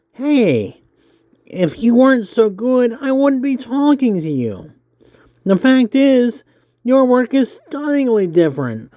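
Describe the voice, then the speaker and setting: A man doing a high, gushing interviewer. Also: darkish tone, no room sound, clean studio sound, full character voice. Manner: gushing, pumped-up. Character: eager male comics interviewer, gushing.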